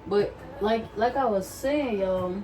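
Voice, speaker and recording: Animated young woman telling a work story. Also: mid-range voice, slow, faint music behind. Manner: animated, acts out quotes, addresses viewers as y'all. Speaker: vlogger. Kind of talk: storytime chat while doing hair.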